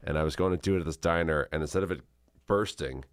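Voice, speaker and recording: A young adult man co-hosting a podcast, telling animated stories and laughing often in casual chat. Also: very deep voice, fast talker, no echo, clean studio sound. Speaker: podcast co-host.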